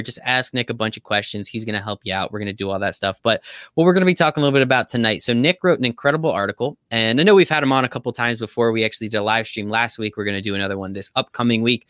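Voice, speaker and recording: A man's voice: medium pitch, fairly bright tone, clean tone, no echo, studio quality. A man hosting a sports betting podcast, chatting casually and hyping his guests. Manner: upbeat, hypes guests and recaps picks. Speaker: podcast host.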